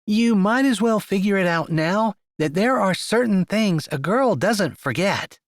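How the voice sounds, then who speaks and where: A man voicing an anxious, teasing young woman academic in an audiobook, pitching his voice up and speaking emphatically. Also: animated, measured pace, no echo, studio quality. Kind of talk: audiobook character voice.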